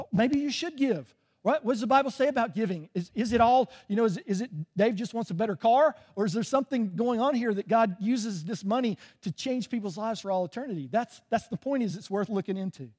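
A man's voice: high-pitched, a little mellow, slightly rough. A man preaching a sermon as pastor, conversational, often checking in with "right?".

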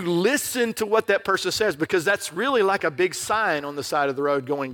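Middle-aged male pastor, high-pitched, casual joking sermon delivery. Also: expressive, normal speed, few pauses, a bit bright. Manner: conversational, joking, asks "right?" often.

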